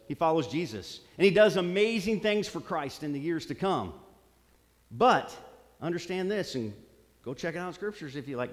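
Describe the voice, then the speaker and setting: A man preaching a sermon, earnest, repeating phrases for emphasis. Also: on the high side. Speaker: pastor. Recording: long hall reverb.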